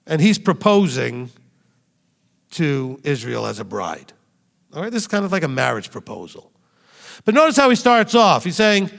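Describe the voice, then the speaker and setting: A man preaching as a rabbi, his slightly high voice leaping up and down as he fires rhetorical questions at the congregation. He speaks in a room full of listeners. The sound carries a long, echoing hall reverb. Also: normal speed, vocal fry, long pauses. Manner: animated, asks the congregation direct rhetorical questions. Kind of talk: sermon.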